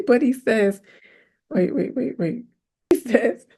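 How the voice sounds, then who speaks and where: A woman's voice: fairly high pitch, slow, pauses often, husky. A woman hosting a faith podcast, talking casually and animatedly, often checking in with "right?" and laughing easily. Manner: conversational, keeps asking "right?"; animated, acts out her own prayers aloud. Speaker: podcast host. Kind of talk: faith-based motivational talk.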